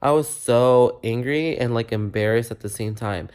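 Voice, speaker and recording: Young male vlogger, mid-pitched voice, animated and profane storytelling, slips in Spanish words. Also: moderate pace, smooth. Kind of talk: casual storytime to camera.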